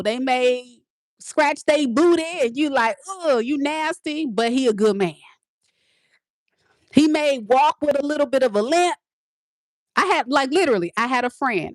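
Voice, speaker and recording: A woman, a teacher and tarot reader, casually telling her viewers a story in an animated, emphatic way, repeating lines for effect. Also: a little high, dry recording, clean studio sound. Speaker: tarot reader and spiritual advisor.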